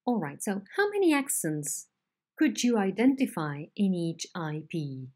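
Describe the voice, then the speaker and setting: A woman teaches phonetics in a recorded lesson, her mellow voice rising and falling widely as she models intonation. She speaks slowly and deliberately, spelling out each point. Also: mid-range voice, big pitch swings. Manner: slow, deliberate explanations with modelled intonation examples. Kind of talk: recorded online lecture.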